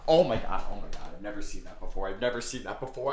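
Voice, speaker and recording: A young man casually commenting on his basketball video game season, swinging between nervous groans and excited cheers. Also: mid-range voice, fast, few pauses. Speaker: gaming channel host.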